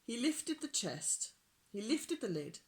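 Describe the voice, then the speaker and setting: Gentle, unhurried storybook reader. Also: medium pitch, sing-song. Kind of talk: children's storybook reading.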